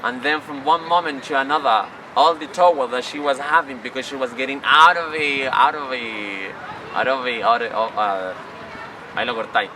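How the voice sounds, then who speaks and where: A man's voice: mid-range voice, brisk. Chatty man telling stories outdoors. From Chile. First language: Spanish. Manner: chatty, rambling, non-native phrasing. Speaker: job applicant, tourist guide. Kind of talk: casual storytelling to camera. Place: outdoors in a city. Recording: distant mic, loud street noise.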